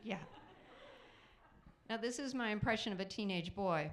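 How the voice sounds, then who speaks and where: A middle-aged woman works a live theater crowd through a handheld stage mic. Her stand-up is chatty and self-mocking, with quick asides to the audience. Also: mid-range voice. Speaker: stand-up comedian. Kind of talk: stand-up comedy set.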